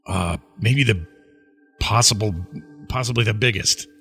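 A man's voice: fairly low pitch, unhurried, gravelly, sharp tone, breathy edge, faint music behind. A man playing in a tabletop game, talking in a hesitant, rambling, nervous way. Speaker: player. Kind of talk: casual tabletop role-play.

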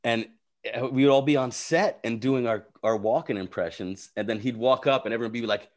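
A man telling stories from a film set in casual chat, profane and animated, acting out what people said. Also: mid-range voice, a little fast. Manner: animated, profane, often acts out quotes.

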